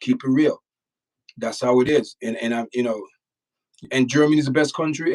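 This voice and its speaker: A man's voice: medium pitch, steady tone, moderate pace, pauses often, darkish tone, far from the mic, low-quality recording. A man from Jamaica with a Jamaican accent, hosting a casual livestream and lecturing his chat with emphatic, repetitive phrasing. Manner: emphatic, repeats words, lectures the chat directly. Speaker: channel host reacting to news and chat.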